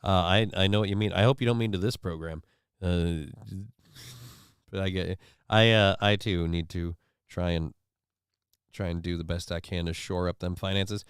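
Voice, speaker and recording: Sarcastic livestream host, low smooth voice. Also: male voice, steady tone, normal speed, no room sound, studio quality. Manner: sarcastic, swearing, reads comments aloud. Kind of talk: casual commentary reading chat and news.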